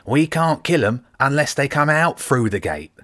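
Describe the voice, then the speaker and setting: A man's voice: medium pitch, sing-song, moderate pace, a bit bright, no room sound, clean studio sound, pitched above the performer's own voice. A man voicing a pedantic male rat guard who corrects everyone in a fussy, knowing way.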